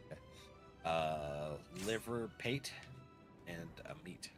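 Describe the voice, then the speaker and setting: A man chats away while streaming an online game, his pitch swinging freely up and down. He rambles, pokes fun at himself and laughs often. Game music plays clearly behind him. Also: animated, slow pace. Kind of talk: casual live-stream chat while gaming.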